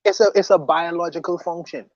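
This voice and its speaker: A man's voice: fairly high pitch, fairly even intonation, a little fast, dry recording. Blunt slangy man on a dull, dry mic. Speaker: podcast co-host. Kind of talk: casual livestream chat.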